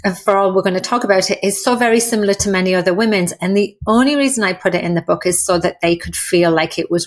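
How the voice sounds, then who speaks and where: Chatty, candid woman in her fifties. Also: mid-range voice. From England. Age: 50s. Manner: chatty, candid and self-deprecating, with frank slang. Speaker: guest, personal trainer and author. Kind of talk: casual conversational interview.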